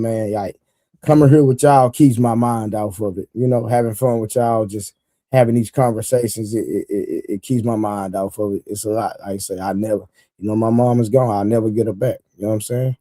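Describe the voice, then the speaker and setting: A man's voice: on the low side, fairly even intonation, fairly quick, warm tone, no echo. A man hosting a casual livestream, talking loosely and repeating himself, laughing often and reading viewers' comments aloud to his chat. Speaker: livestream host.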